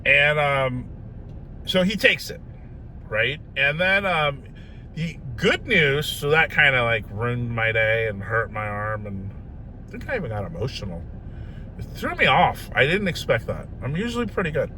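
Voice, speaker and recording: A man's voice: medium pitch, big pitch swings, normal speed, sharp tone, a little hiss or hum. A man vlogging in a casual, self-mocking storytelling way, often tagging his lines with "right?".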